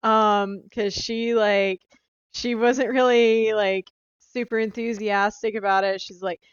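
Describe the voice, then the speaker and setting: A woman's voice: on the high side, steady tone, slow pace, clean tone, no room sound, highs cut off. A young woman casually recapping her sales training into a handheld phone, chatty and upbeat with lots of fillers. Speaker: sales rep.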